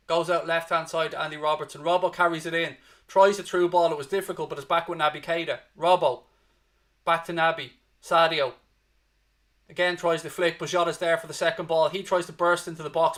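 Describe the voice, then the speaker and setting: An Irish man from Dublin calls a football match live for a fan stream, his voice bright and forceful and a bit higher than most men's. He talks animatedly and swears freely, and he keeps pushing viewers to stay positive. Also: fairly even intonation, fairly quick. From Ireland. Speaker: fan watchalong host. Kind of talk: live match commentary and chat.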